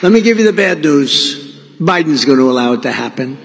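A political candidate giving an off-the-cuff rally speech as a rambling storyteller who acts out quoted dialogue. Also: male voice, a little high, expressive, brisk, big-room sound. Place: large venue.

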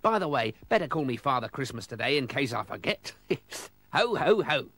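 A man voicing a cheerful fellow dressed up as Father Christmas, jolly and booming. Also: very animated, normal speed, a bit bright, dry recording.

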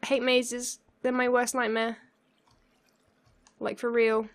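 A woman's voice: a little high, level tone, takes it slowly. A young woman narrating her own gameplay, flustered and laughing as she talks herself through it. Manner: flustered, self-talking, laughs often. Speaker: let's play gamer. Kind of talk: live gameplay commentary.

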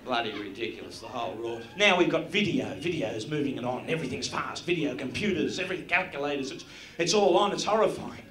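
Fast and animated, a mid-range, slightly bright male voice with an Australian accent rattles off crude stand-up jokes aimed at the crowd. It's recorded live in a roomy venue with the audience.

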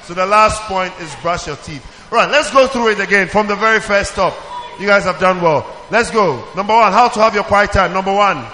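A pastor with a high voice teaches a children's church with animated call-and-response, firing questions and repeatedly calling on the group to answer. He talks at normal speed, with a crowd and other noise in the background. A long reverb from a large hall carries the sound.

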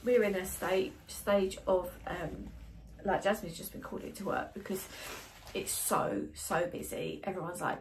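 A British woman vlogging to her viewers, sad and emotional, talking in a hesitant, halting way with many restarts. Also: fairly low pitch, a little hiss or hum. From Britain. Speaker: wellbeing vlogger. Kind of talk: casual emotional vlog to camera.

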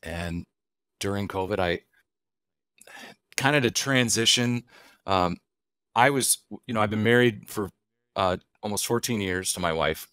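A man's voice: lowish voice, fairly bright tone, clear, resonant tone, no room sound. A middle-aged man, a wild game chef, talking casually as a podcast guest, an easygoing storyteller who asks and answers his own questions.

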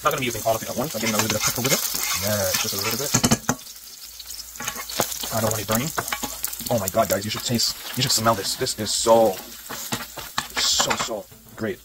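Brisk, chatty Jamaican man cooking. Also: lowish voice, very noisy. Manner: chatty, upbeat, talks to viewers while cooking. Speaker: home cook. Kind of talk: cooking vlog narration. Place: home kitchen. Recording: home kitchen with loud sizzling pan.

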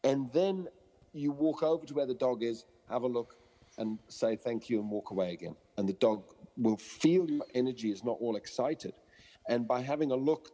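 A man's voice: mid-range voice, big-room sound. A man who works as a dog trainer, telling stories in a podcast interview and acting out the voices of people and dogs. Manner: animated storyteller acting out quoted voices.

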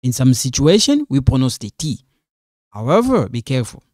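A man's voice: mid-range voice, wildly swooping pitch, normal speed, darkish tone, no echo, clean studio sound. A man teaching French, patiently repeating phrases for learners as he goes through a quiz. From Congo. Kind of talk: quiz walkthrough lesson.

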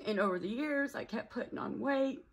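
A woman talking to her own camera at home in a personal vlog, nervous and tearful, halting with fillers and a shaky voice. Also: a little high. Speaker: vlogger. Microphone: camera mic.

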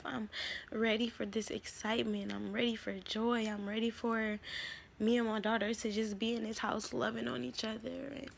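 A young adult woman vlogging a casual storytime, rambling, candid and profane, drifting between soft murmurs and louder bursts. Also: on the high side, little pitch movement, normal speed, creaky, slight background noise.

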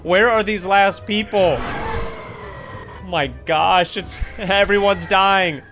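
A young man giving excited gameplay commentary, laughing often and calling out to his teammates. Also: high voice, slow, over music. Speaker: gaming YouTuber.

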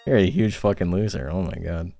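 Low-voiced man chatting casually on stream. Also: fairly quick, vocal fry, dark tone, no echo, clean studio sound, soft background music. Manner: chatty, rambling, frequent filler words. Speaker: tournament commentator and streamer.

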